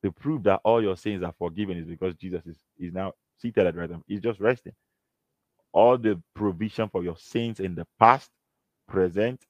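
A man's voice: sits low, dry recording. A man preaching a sermon, earnest and emphatic, reading and quoting scripture. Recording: dull, slightly lo-fi.

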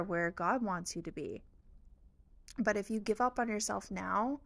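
Woman host, encouraging motivational podcast talk, mid pitch, dry close sound. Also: no echo. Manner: encouraging, earnest, faith-infused.

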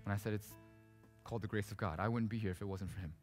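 A man preaching a sermon as pastor, telling a personal story in an animated, conversational and emphatic way. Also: on the low side, rapid-fire. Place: church sanctuary. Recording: preached in a reverberant hall with soft guitar behind.

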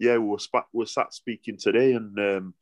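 A man's voice: lowish voice, fairly even intonation, a little fast, no echo. A middle-aged man with a Yorkshire accent, a boxer telling stories in a casual interview, rambling with lots of restarts and broad dialect.

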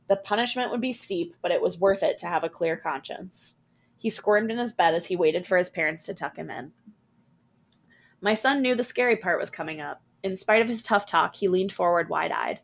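Woman, podcast host, creaky voice, expressive scary story reading. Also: lowish voice, normal speed.

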